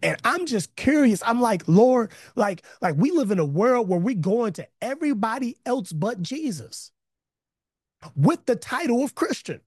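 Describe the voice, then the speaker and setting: Casual online preacher, male, lively swings in pitch, dead-dry close sound, slangy asides, builds to emphatic repeats. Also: a little slow, no room sound. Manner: energetic, building to emphatic repetition; conversational slang, self-interrupting asides. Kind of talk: online sermon with chat interaction. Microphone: close mic, video call.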